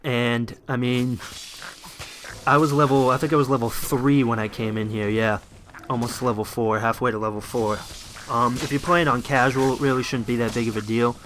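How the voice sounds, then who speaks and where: A man's voice: mid-range voice, flat delivery, normal speed, a bit bright, slight background noise. A young man giving casual, rambling commentary over his gameplay, enthusiastic and full of fillers, shivering a little from the cold.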